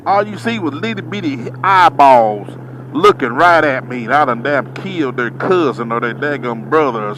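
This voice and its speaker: A man's voice: fairly high pitch, fairly bright tone, slight background noise, poor audio. A man, a truck driver, telling a story in a casual, drawling way and acting out his own reactions.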